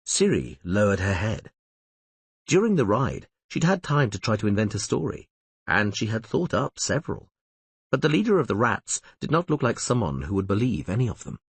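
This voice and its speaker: A man narrating a fantasy audiobook in an expressive, varied style. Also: on the low side, a little fast, creaky, breathy edge, no echo. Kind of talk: scripted narration.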